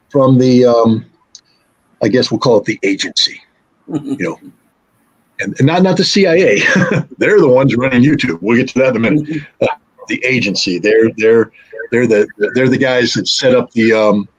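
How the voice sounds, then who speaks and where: A middle-aged man talks as a guest in a loose, conversational interview. His voice is husky and slightly breathy at a mid pitch. He rambles and acts out the lines of the people in his story. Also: lively intonation, normal speed, rough recording. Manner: rambling storyteller who acts out quoted dialogue.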